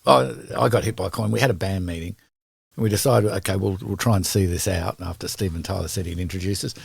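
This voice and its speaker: Podcast guest, Australian man, husky and gravelly, lively anecdotal storyteller, dry close sound. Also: sits low, fast, no echo. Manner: animated, swears freely, acts out quotes. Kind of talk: casual storytelling.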